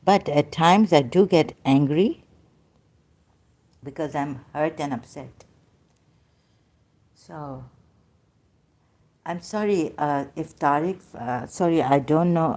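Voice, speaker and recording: A woman in an unscripted debate, talking hesitantly with many fillers and restarts, and admitting she gets hyper and struggles to keep her voice gentle. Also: low-pitched. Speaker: debater in an online religious discussion.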